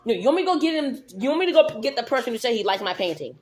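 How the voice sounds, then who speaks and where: A woman's voice: a little high, very animated, racing, a little mellow. A woman acting in an improvised comedy skit, mocking, bossy and dramatic.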